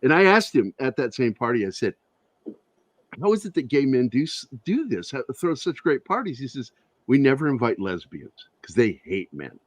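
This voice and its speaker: A man who is a guest on an interview show, telling profane, animated anecdotes with a lot of laughter in casual conversation. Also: mid-range voice, normal speed, dry recording. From Virginia, USA. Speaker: interview guest, comic creator. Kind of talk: casual storytelling.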